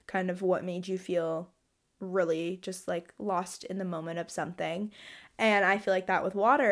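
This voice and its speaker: A woman's voice: mid-range voice, a bit bright. A young woman in her twenties hosting a casual solo podcast from her bedroom, bubbly and rambling, with lots of fillers and bursts of laughter. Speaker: podcast host.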